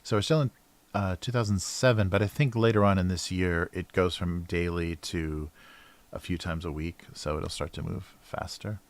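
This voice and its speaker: A cartoonist talking casually to a livestream as he draws, often mumbling to himself and trailing off with soft laughs. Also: deep voice, fairly even intonation, moderate pace. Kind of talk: casual chat while drawing.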